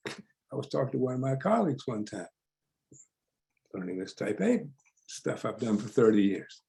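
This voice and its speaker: His voice is a little high and a little mellow, with vocal fry. An older male psychologist running an online workshop, he lectures chattily through stories, often repeating words as he starts over.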